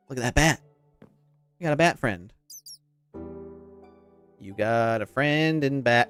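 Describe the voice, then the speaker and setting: Gaming on stream, a nasally man with a slight lisp chats and rambles to his audience. He talks slowly in a sing-song way at medium pitch, pausing often. There's no echo, and faint music sits in the background.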